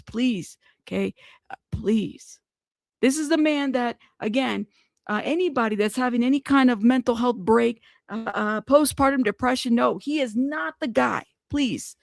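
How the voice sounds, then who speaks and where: Gravelly, animated live show host. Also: female voice, on the high side, no echo, studio quality. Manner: animated, pleading, laughing. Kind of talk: casual commentary.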